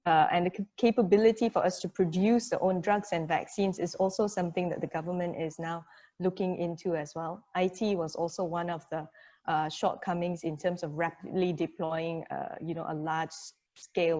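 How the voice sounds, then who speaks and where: A woman executive talks on a video call. Her voice sits a little low, and her speech is confident and measured. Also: darkish tone. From Malaysia. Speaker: healthcare company executive. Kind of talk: webinar panel discussion.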